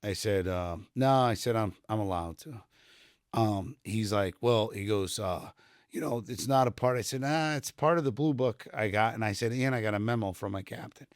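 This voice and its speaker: Chatting casually on a podcast, a middle-aged man who retired as an Army sergeant tells meandering, filler-laden stories and quotes others as he goes. He speaks in a lowish voice at a moderate pace, captured cleanly in a podcast studio room with no room sound.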